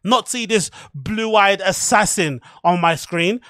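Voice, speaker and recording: High-voiced man ranting. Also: slow pace, few pauses, a bit bright, no echo. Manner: heated, profane, rambling rant. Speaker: podcast host. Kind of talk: solo rant podcast.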